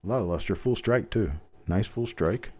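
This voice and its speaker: On the low side and somewhat mellow and husky, this man's voice moves at a moderate pace as he unboxes coins on a livestream. He's in his fifties, from the American Midwest with a general Midwestern accent, and chats in a folksy way with meandering asides.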